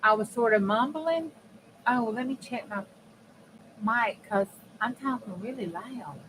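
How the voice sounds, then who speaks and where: Slow-talking woman chatting while crafting. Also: a little high, fairly bright tone, poor audio. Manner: chatty, laughs often, talks to viewers. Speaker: crafting livestream host. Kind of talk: casual chat while crafting. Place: home craft room with air conditioner running. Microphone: desk mic. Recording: faint room hum from fan.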